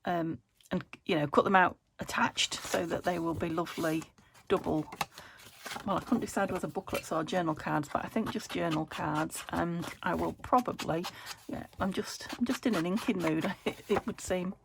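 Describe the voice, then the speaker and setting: A woman's voice: lowish voice, steady tone, moderate pace, creaky, background noise. A British woman hosting a crafting vlog from her home craft room, chatting as she works, thinking aloud and laughing often. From United Kingdom. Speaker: crafting channel host.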